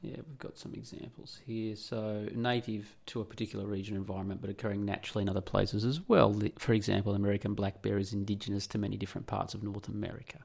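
A man's voice: fairly low pitch, little pitch movement, fast talker, gravelly, hardly any pauses, darkish tone. An Australian man hosting a podcast, delivering an indignant, sarcastic and profane solo rant. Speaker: podcast host. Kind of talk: solo ranting monologue.

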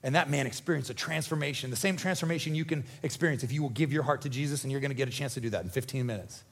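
A man preaching a sermon as pastor, animated and conversational, joking and acting out voices. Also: mid-range voice, very fast, creaky. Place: church.

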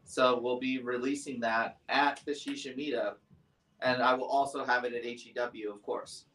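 A man's voice: mid-range voice, fairly even intonation, normal speed, a bit bright. Distant-sounding man in a roomy shop. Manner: chatty, rambling, laughs easily. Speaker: guest, product maker. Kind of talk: casual roundtable chat. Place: tobacco shop.

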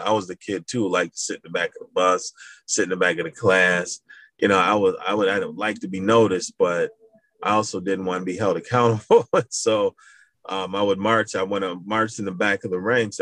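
A middle-aged man from Madison, Wisconsin, talking casually as an interview guest, animated storytelling. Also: low-pitched, no echo. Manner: animated, acts out voices in his stories, laughs. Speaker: guest, school founder.

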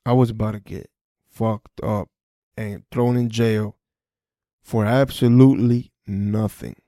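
A man hosting a podcast, telling a personal story in a casual, profane, animated way and re-enacting conversations. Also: lowish voice, takes it slowly, no echo, clean studio sound. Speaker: podcast host.

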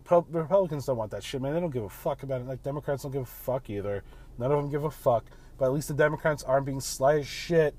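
A man's voice: medium pitch, fast, a little mellow. A man hosting a casual monologue from his car, talking bluntly with heavy swearing and often tacking on "man". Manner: blunt, profane, ranting, keeps saying "man". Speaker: podcast host. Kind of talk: casual monologue while driving.

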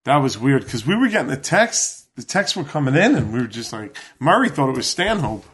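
A man's voice: mid-range voice, very animated, fairly quick, fairly bright tone. A man in his forties co-hosting a podcast, talking in casual chat, blunt and profane, his voice climbing when he gets worked up. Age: 40s. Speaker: podcast co-host.

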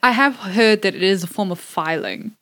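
A woman's voice: medium pitch, animated, normal speed, fairly bright tone. Woman, podcast co-host, casual chat, chatty, lots of fillers, giggly.

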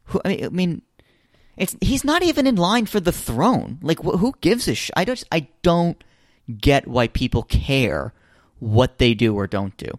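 Casting note: American man, casual podcast co-host, rambling and animated, pitch jumping high, dry close sound. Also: moderate pace, no echo. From United States. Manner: animated, rambling with many restarts. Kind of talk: casual chat.

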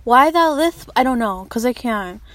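A woman's voice: on the high side, expressive, moderate pace, dry recording. A young woman hosting a casual podcast chat, blunt and profane, laughing often. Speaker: podcast host.

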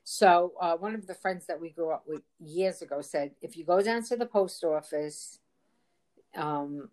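A woman with a fairly low, darkish voice speaks at a measured pace on a casual phone chat. She's the storyteller, retelling a frustrating ordeal in a rambling, exasperated way and quoting what other people said.

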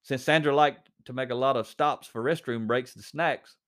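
A man with a middle-pitched voice reads a story aloud, then talks it through conversationally. He mixes plain reading with casual asides and fillers. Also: normal speed, a bit bright. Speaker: reader and commentator.

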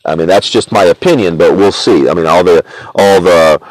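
A man's voice: sits low, moderate pace, no room sound, low-quality recording. A man hosting a casual sports talk show, opinionated and chatty, often stumbling and repeating words and laughing as he teases.

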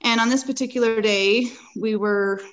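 A woman's voice: on the high side, steady tone, moderate pace, a bit bright, lo-fi sound. Earnest woman telling a detailed story. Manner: earnest, detailed, vivid retelling. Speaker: podcast guest. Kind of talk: personal storytelling in a conversation.

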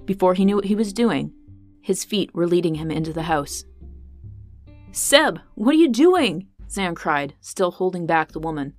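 A woman reading a fantasy story aloud as the narrator, in a steady, measured way. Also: lowish voice, soft background music.

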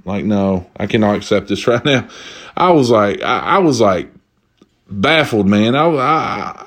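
A young man telling a comedic story casually, profane and animated, jumping from high exclamations to low asides. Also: moderate pace. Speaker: vlogger.

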